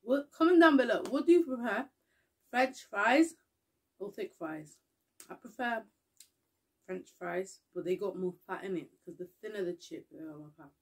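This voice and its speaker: A young woman talks casually to her camera. Her voice sits at a middling pitch, and she laughs often between lines. She often sinks into quiet, mumbled asides. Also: slightly rough. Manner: chatty, laughs often, mumbles and hums softly. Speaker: vlogger.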